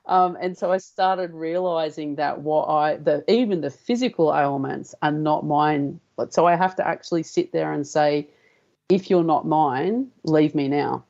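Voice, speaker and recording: An Australian woman with a very low, gravelly and mellow voice chats as a radio guest. She tells her stories by acting out the lines of everyone in them. Her sound comes through a little muffled. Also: measured pace. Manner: storytelling, acting out her own quoted dialogue. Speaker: guest healer. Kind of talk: casual radio chat.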